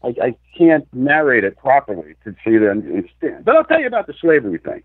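Talking fast with wildly swooping pitch around a medium register, a man rants about a conspiracy as a call-in interview guest, profane, insistent, and lecturing. The phone-line audio is tinny and there's no room sound.

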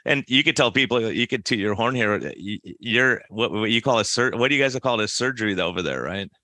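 A man's voice: on the low side, a little fast, no echo, clean studio sound. A middle-aged man hosting a podcast, telling stories animatedly with frequent restarts. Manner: storytelling, animated, many restarts. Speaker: podcast host, doctor. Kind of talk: casual interview chat.

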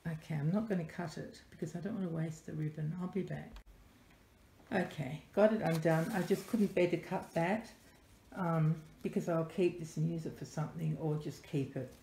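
A woman unboxing a parcel on camera as a doll collector vlogger, gushing and softly delighted, often dropping to breathy whispers. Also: low voice, fairly even intonation, moderate pace. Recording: echoey room with faint noise.

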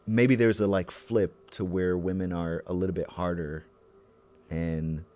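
A man co-hosting a podcast in casual chat, reflecting slowly on his feelings and searching for words. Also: sits low, level tone, mellow. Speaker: podcast co-host.

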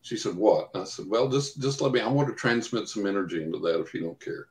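The older man's voice is on the low side, a little mellow, animated, and fast. As a psychic investigator guesting on an interview, he tells long, filler-heavy stories with acted-out quotes in an echoey room.

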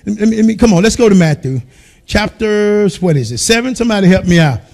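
A man preaching a sermon as pastor, calling out to the congregation and swinging between quiet storytelling and shouting. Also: sits high, lively intonation, fast talker, creaky.

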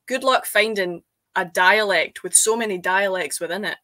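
Young woman, Scottish central belt accent, lively Scots-peppered chat, mid-pitched voice, dry close sound. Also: moderate pace, no room sound. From Scotland. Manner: animated, mixes Scots words into English. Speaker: guest, Scots language poet. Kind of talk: casual conversation.

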